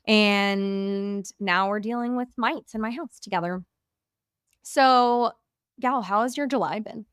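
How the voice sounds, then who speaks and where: A woman's voice: mid-range voice, slow, a bit bright, clear, resonant tone, dry recording, clean studio sound. A young woman hosting a podcast, chatting casually in a bubbly, gushing way and saying "like" often. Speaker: podcast host.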